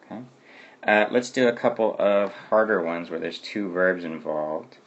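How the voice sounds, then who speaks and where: Low gravelly male Spanish teacher. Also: moderate pace, muffled recording. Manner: explains patiently, checks in with frequent "okay?". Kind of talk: classroom grammar lesson.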